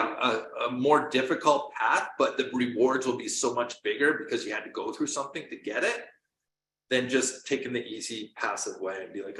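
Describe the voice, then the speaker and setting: A middle-aged man from Canada, a coach giving an earnest motivational talk, telling stories that swing from quiet to loud. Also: mid-range voice, expressive, normal speed. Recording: roomy echo.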